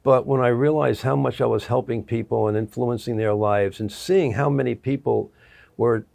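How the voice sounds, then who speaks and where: Gravelly-voiced man telling stories. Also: medium pitch, fairly even intonation, normal speed, a little mellow. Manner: rambling, with restarts and acted-out quotes. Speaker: guest, annuity producer. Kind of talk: interview storytelling.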